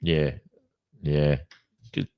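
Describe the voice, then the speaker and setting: A bass voice, gravelly yet smooth, draws out its words as this Australian man co-hosts a casual podcast chat in Western Australia. He's a rambling, animated storyteller prone to many restarts.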